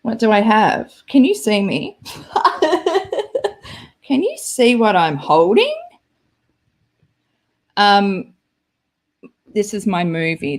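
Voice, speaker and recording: A woman hosting a live stream, chatting casually and rambling with lots of "like" and giggles. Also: fairly high pitch. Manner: rambling, giggly, full of "like" fillers.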